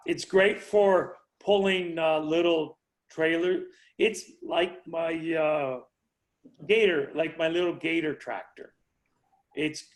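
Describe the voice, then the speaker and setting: A middle-aged man, a winery owner, chatting casually on a video call and speaking haltingly with many restarts. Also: on the high side, rough recording.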